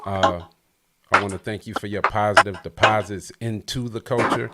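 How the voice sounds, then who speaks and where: A man hosting a casual interview podcast who hypes up his guest and gets loud and excitable. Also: on the low side, normal speed, very noisy. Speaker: podcast host.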